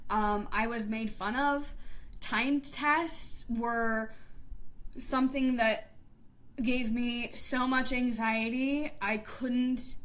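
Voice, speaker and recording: A woman's voice: on the high side, fairly even intonation, extremely slow, a bit bright. A woman in her twenties, a teacher, telling a personal story in a vlog and talking emotionally, close to tears. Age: 20s. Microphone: live stream camera.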